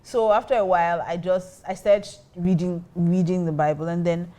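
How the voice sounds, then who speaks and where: A woman's voice: on the low side, steady tone, moderate pace, warm tone. A woman pastor telling a personal story in casual talk, acting out her own reactions. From Nigeria. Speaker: pastor and co-host.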